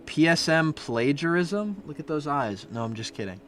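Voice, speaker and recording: Young man, high voice, streamer, casual profane commentary, loud ranting bursts. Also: sing-song, moderate pace, noisy background. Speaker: streamer reviewing fan art.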